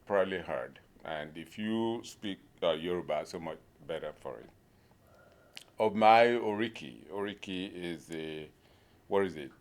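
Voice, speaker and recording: A man from Nigeria giving an informal conference talk, pausing often to search for words, with a humorous touch. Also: deep voice, a little mellow. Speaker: conference speaker.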